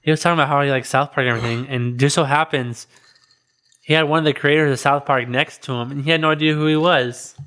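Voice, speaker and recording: A man's voice: a little high, steady tone, fairly bright tone, clean tone. Chatty man trading gossip. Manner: chatty, swaps gossip, asks quick questions. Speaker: podcast co-host. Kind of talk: casual chat over drinks.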